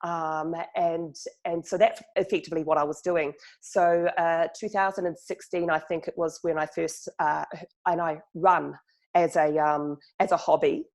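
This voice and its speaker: A woman from New Zealand with a New Zealand accent, a marketing speaker talking fast and laughing often as a podcast guest. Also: low voice, steady tone. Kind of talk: casual podcast interview.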